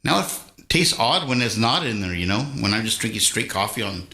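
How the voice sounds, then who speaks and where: In an echoey room, a very animated man with a fairly low pitch speaks briskly as he hosts a live stream. He's from Southern California, reads viewer chat, and tells loose, easygoing stories punctuated by frequent chuckles.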